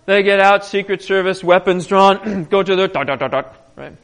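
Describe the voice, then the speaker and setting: A man preaching in a conversational way, telling stories with animation and often clearing his throat. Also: high-pitched, normal speed. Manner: animated storytelling. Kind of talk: conversational Bible teaching.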